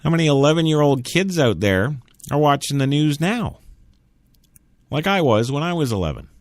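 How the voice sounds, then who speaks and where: A man holds forth alone on his talk radio show, sarcastic and opinionated. His pitch leaps up and down with a lot of life. The sound is dry and close, right on a studio mic. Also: big pitch swings, normal speed, no echo. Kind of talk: solo talk radio monologue.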